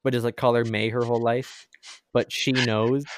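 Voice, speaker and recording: A man's voice: medium pitch, little pitch movement, moderate pace, background noise. A man hosting a podcast in casual chat, rambling and chatty, often laughing. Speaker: podcast host.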